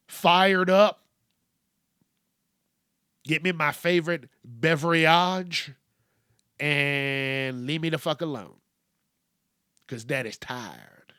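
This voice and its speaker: Male solo host, blunt profane rant, unhurried delivery, dry close sound. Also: on the high side, sharp tone, clean tone, dry recording. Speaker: podcast host. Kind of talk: solo ranting monologue.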